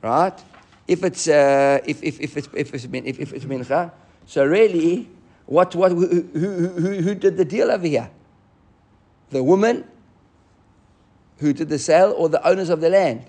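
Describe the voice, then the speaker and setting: A man teaching a Talmud class, animated and often restarting as he explains. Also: fairly high pitch, normal speed, pauses often. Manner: animated, restarts often, mixes Hebrew and Aramaic terms.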